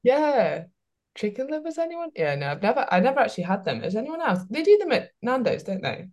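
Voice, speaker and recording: A woman's voice: mid-range voice, sing-song, fast talker, darkish tone. A woman hosting a podcast, chatting casually with lots of "like" fillers and reading out listener questions. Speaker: podcast host.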